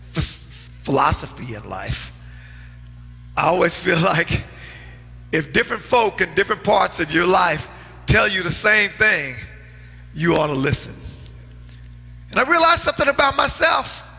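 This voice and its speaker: A middle-aged man, a pastor preaching a sermon and telling stories, swinging from loud outbursts to hushed asides. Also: high voice, big pitch swings, a little slow, vocal fry, pauses often, breathy edge. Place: church sanctuary. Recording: long hall reverb, faint music.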